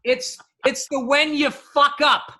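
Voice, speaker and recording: A podcast co-host, a man, holds forth in casual chat, heated and profane. His voice sits high and sharp. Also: level tone, takes it slowly.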